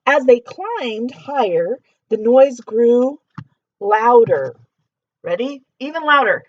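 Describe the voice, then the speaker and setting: A woman reading a children's story aloud, animated, pausing to ask the young listener questions. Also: on the high side, highs cut off.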